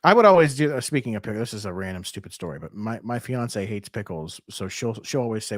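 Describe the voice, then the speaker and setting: A man's voice: lowish voice, expressive, quick pace, few pauses, no room sound, clean studio sound. A man in his thirties co-hosting a podcast, blunt and joking in casual profane chat. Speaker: podcast co-host.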